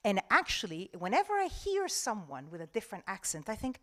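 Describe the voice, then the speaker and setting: A broadcast journalist in her forties, not a native English speaker, gives an animated, expressive talk on a festival panel. Her voice is mid-range, she talks fast, and she acts out quotes.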